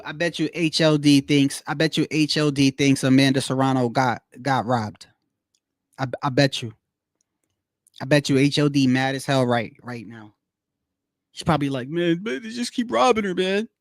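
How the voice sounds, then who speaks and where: High-pitched guy on a livestream, slangy and rambly, dry close sound. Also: dry recording. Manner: slangy, rambling, keeps saying "bro"; animated storytelling, repeats himself. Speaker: livestream host. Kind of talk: casual livestream boxing chat.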